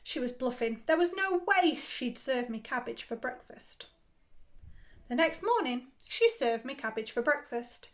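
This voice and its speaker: Brief: a teacher reading a comic children's story aloud, high-voiced and playful. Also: female voice, a little slow. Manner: animated, playful comic timing. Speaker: primary school teacher.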